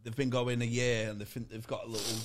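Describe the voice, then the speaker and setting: A man's voice: medium pitch, level tone, fast, background noise. A man, a comedian co-hosting a podcast, ranting crudely and mockingly in casual banter.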